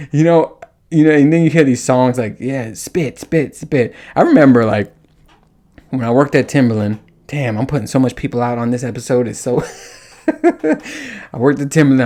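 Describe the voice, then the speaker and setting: A man's voice: mid-range voice, expressive, moderate pace, long pauses, a little mellow. Crude, laughing man hosting a podcast. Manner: crude, joking, laughs often. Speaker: podcast host. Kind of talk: casual monologue.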